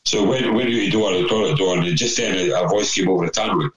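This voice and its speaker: A man's voice: sits low, fast talker, slight background noise, rough recording. A man telling a rambling, sweary anecdote in casual chat, with laughs along the way. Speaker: storyteller.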